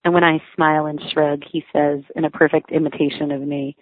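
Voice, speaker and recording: A woman's voice: deep voice, level tone, brisk, no echo. A mother reading her own memoir aloud in a wry, reflective storytelling manner. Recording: thin phone-like sound, dry.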